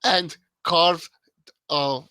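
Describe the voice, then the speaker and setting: A man's voice: fairly high pitch, fairly even intonation, very slow, pushed and bright, clear, resonant tone, no echo. A man playing a tabletop game, speaking urgently with stumbles and swearing. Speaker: player. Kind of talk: casual tabletop play.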